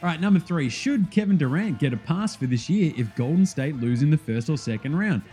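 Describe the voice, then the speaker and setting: An Australian man hosts a casual sports podcast, breaking into laughs and swearing as he rattles through the week. His voice sits a little high and swoops about with lively energy, with a mellow, dark tone to it. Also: brisk, soft background music. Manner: excitable, swears freely, laughs often.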